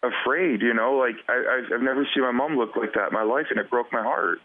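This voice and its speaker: A man from western Canada, a podcast guest telling a personal story in an earnest, halting way that repeats words. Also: medium pitch. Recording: tinny phone-like line, dry.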